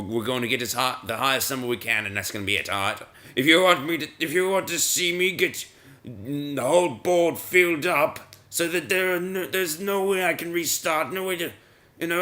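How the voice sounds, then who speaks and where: A man's voice: on the high side, bright, forceful tone. A man hosting a casual let's-play video, rambling and self-mocking as he stammers and repeats his words. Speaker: gaming video host.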